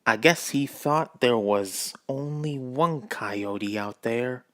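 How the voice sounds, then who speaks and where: A man's voice: medium pitch, slow, fairly bright tone, dry recording, studio quality. A man reading a children's book aloud at home, putting on a drawl for the dog narrator and breaking off to mock the text. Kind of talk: reading aloud with joking asides.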